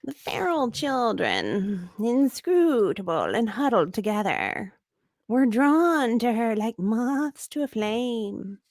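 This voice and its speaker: A woman co-hosting a casual podcast, reading a story slowly and joking around. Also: a little high, sing-song, darkish tone, no echo. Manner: playful, jokey, slow when reading. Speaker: podcast co-host.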